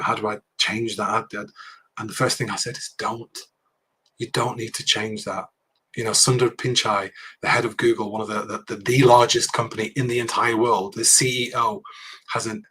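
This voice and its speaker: Husky bright-voiced man giving a workshop. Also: on the low side. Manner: conversational, frequent "okay" and restarts. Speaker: public speaking trainer. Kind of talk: university workshop talk.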